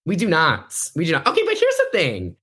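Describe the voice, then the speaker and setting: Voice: medium pitch, wildly swooping pitch, brisk, fairly bright tone, breathy edge. A podcast host in casual pop-culture chat, talking in a chatty way, filling the talk with "like" and laughing often.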